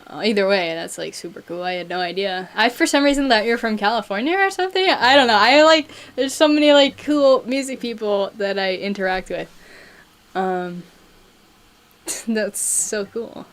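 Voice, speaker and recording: A woman's voice: mid-range voice, moderate pace. Chatty woman streamer from Buffalo. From Buffalo, New York. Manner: chatty, excitable, reads viewer chat aloud. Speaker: musician streamer. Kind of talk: casual live-stream chat.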